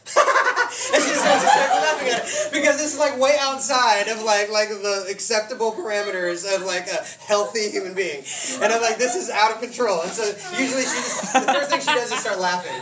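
A man preaching a casual sermon, telling stories with laughs and voiced asides. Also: high-pitched. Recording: roomy hall from a distant mic with noise.

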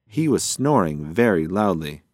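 A man narrating a children's storybook in an expressive, lively storytelling manner. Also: deep voice, unhurried, no room sound, studio quality. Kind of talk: storybook reading.

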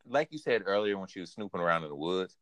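A man's voice: deep voice, animated, quick pace, fairly bright tone, dry recording. A man co-hosting a casual recap podcast, talking animatedly, laughing often and quoting characters in a raised voice. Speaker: podcast co-host. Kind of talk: casual anime recap chat.

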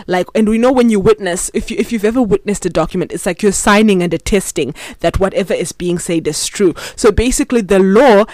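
A relaxed teacher talks through scripture alone, reading passages and explaining them in an easy, conversational way. The delivery rambles and self-corrects over tricky words, with bursts of excitement. The sound is dry and close, with no room echo. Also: mid-range voice, a little fast, hardly any pauses. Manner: chatty, thinks aloud, often stumbles over words. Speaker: Bible study teacher. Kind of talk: casual solo Bible study recording.

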